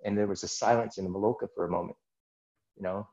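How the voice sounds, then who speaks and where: A man's voice: lowish voice, steady tone, very fast, warm tone, highs cut off. A man as a podcast guest, earnestly recounting a personal experience in a rambling, casual way with many asides. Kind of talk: personal storytelling in a casual interview.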